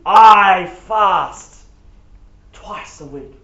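A man's voice: sits high, extremely slow, bright, forceful tone, heavily acted. A man voicing a proud, arrogant male religious leader who boasts in his prayer. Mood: boastful. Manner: boastful, self-satisfied. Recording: echoey, dull room recording.

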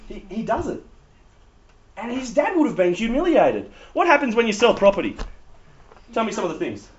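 A man preaching a sermon, telling stories with animated humor. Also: high voice, moderate pace. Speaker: pastor. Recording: dull lo-fi sound.

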